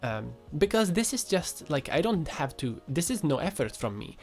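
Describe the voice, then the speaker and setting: A woman's voice: sits low, very animated, normal speed, a little mellow, soft background music. A woman from Sweden with a light Swedish accent, a streamer chatting casually, reading viewers' comments aloud and answering them offhand, with casual swearing. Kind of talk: casual livestream chat.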